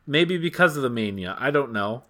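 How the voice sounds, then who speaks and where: A man's voice: mid-range voice, expressive, a little fast, bright, forceful tone. A man co-hosting a casual podcast chat, rambling with lots of ums and playful teasing. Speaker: podcast co-host.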